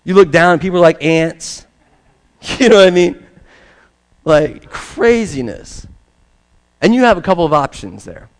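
A male pastor preaching with a voice that climbs and dips all over the place, sitting a touch high for a man. He tells a story with lots of energy, then drops to a quiet, intimate hush. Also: a little slow, pauses often, poor audio. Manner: animated storyteller, swings from loud to hushed. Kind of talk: sermon with personal story.

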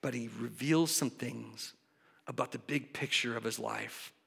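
A man preaching a sermon in an animated way, shifting from loud bursts to quiet asides. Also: mid-range voice, measured pace, vocal fry, breathy edge. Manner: animated, acts out voices, swings from loud to soft. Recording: long hall reverb.

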